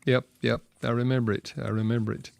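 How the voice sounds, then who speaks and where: Older Southern American man, gravelly voice. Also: mid-range voice, level tone, fast talker, no room sound. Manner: earnest, reflective, softening to quiet. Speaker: radio show host and author. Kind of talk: storytelling in radio chat.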